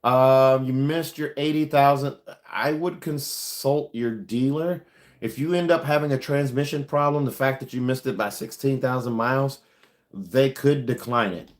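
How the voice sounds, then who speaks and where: A man hosts a casual livestream as a car salesman, talking in a loose, rambling way full of ums and uhs. He gives frank, practical advice at a medium, unremarkable pitch. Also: moderate pace. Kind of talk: casual livestream chat answering viewer questions.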